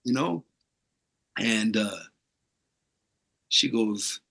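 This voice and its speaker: Arizona guy on a podcast, bright husky voice, slangy and heartfelt, bro every other word. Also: medium pitch, fairly quick. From Arizona, USA. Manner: loose slangy talk, says "bro" constantly; earnest, emotional, reflective. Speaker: podcast guest, tattoo artist. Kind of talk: casual candid storytelling.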